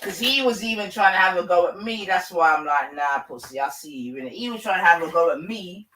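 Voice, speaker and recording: A man chats on a livestream in loose, slang-heavy gossip. His voice sits fairly high and sounds bright. He is caught from some distance from the microphone. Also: fast talker. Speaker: livestream host. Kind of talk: casual livestream chat.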